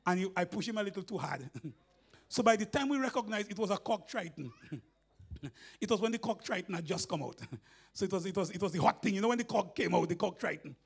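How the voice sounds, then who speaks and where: A man with a Grenadian accent preaching a sermon in church, telling a story with laughter and building to shouts. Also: high-pitched, animated, fairly quick, gravelly, slightly rough.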